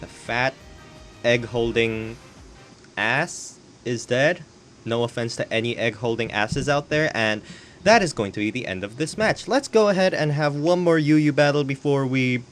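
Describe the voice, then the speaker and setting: A man's voice: medium pitch, normal speed, faint music behind. A man giving casual live commentary on online battles, rambling and joking with the odd swear word, at home on a hot day. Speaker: game commentator.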